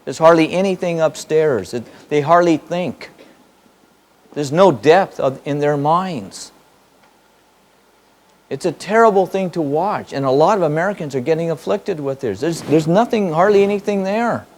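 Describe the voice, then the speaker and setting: With a slightly high, expressive voice at a moderate pace, a man gives a spiritual teaching to a live audience in a hall. He is emphatic and repetitive, and he fires off one rhetorical question after another.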